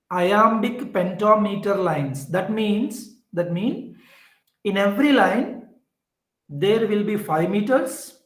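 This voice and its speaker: A man with an Indian English accent teaches an online class at a very unhurried pace. He says key points twice and fills pauses with "uh." His voice rings out in an echoey room. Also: sits high. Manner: slow, repetitive explaining with fillers.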